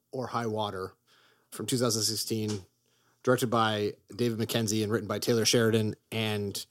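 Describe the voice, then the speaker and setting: Man gushing about movies. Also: mid-range voice. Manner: enthusiastic, rambling, swears casually. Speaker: podcast co-host. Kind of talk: casual movie chat.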